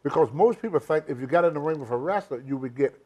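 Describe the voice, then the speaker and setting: A man's voice: fairly high pitch, animated, fast, darkish tone. An older man, a senior citizen, telling emphatic, rambling stories with loose grammar as an interview guest. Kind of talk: shoot interview storytelling.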